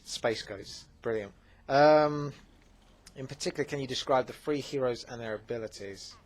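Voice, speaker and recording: A young man hosting a gaming channel, working through viewer questions in a loose, rambling chat. He often stops and restarts his sentences as he goes. His voice sits at an ordinary middle pitch. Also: moderate pace. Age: 20s. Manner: rambling, self-correcting, chatty. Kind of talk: casual Q&A commentary.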